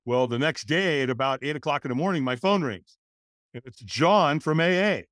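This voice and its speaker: A man in his sixties, a podcast guest, telling his life story in a lively way and acting out the voices of people in it. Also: fairly high pitch, normal speed, no room sound, clean studio sound. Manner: animated, acts out voices in his stories. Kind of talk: storytelling interview.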